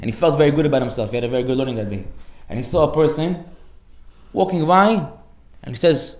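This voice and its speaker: A man giving a sermon as a rabbi, animated, acting out the voices in his stories. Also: on the high side, fast talker, reverberant. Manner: animated storytelling, acts out dialogue.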